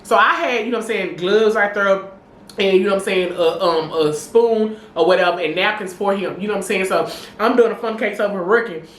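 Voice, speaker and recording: A woman co-hosting a podcast, telling animated, profane stories full of "you know what I'm saying.". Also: mid-range voice, fairly quick, echoey room. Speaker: podcast co-host. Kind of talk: casual chat.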